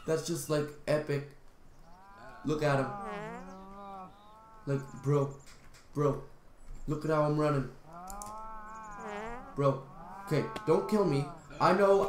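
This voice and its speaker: A young man with a fairly high voice giving loose, jokey gameplay commentary. He rambles and scolds the characters on screen. The sound is roomy and echoing. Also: a bit bright. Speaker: gaming channel host. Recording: roomy echo.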